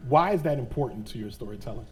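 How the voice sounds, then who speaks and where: A man hosting an onstage interview, asking relaxed, curious questions. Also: mid-range voice, fast talker. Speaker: host and interviewer.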